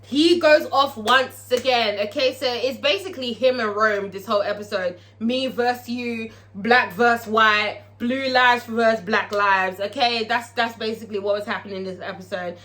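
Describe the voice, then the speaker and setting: A woman recapping a TV episode in a casual vlog, profane and excitable, tagging her lines with "okay?". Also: fairly high pitch, moderate pace, hardly any pauses. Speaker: TV show reviewer.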